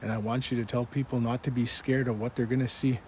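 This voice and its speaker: A man's voice: medium pitch, level tone, fast talker, darkish tone, a little hiss or hum. A man giving a personal religious testimony, earnestly retelling a dream and repeating what he was told again and again. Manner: earnest, repetitive, quotes the speaker in the dream again and again.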